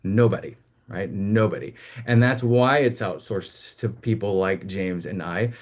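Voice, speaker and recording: Guy hosting a business seminar, lowish voice, lots of ums, measured. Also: darkish tone. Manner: measured, with frequent fillers. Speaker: host.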